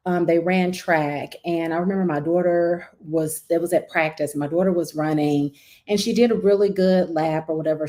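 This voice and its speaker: A woman, a guest on a talk stream, speaking earnestly and telling a story in a conversational way. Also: medium pitch. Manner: earnest, storytelling, animated when recounting. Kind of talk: conversational discussion.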